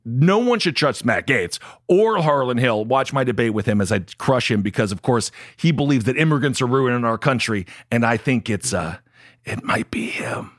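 A man's voice: medium pitch, expressive, moderate pace, few pauses, dry recording, clean studio sound. Sarcastic ranting male podcast host. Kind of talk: casual political commentary.

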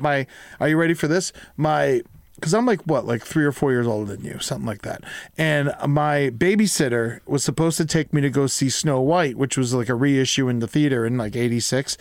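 A man, co-hosting a casual podcast chat and telling stories in a rambling, profane, animated way. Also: medium pitch, brisk, creaky, no room sound, clean studio sound. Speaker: podcast co-host.

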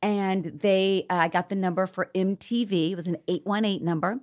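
A middle-aged Southern-accented woman from Atlanta, medium in pitch and moderate in pace, is a guest on a casual interview. She recounts stories lively and laughing, acting out quotes.

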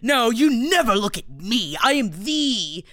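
A woman's voice: fairly high pitch, sing-song, a little slow, fairly bright tone, no room sound. A woman mocking a haughty male pop star. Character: pompous male pop star demanding no one look.

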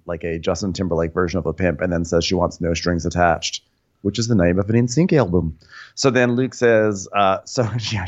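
Male co-host, rambling comic recap storyteller, slightly dull lo-fi audio. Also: low voice. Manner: rambling storyteller, quick asides. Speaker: podcast co-host. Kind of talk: comedic recap chat.

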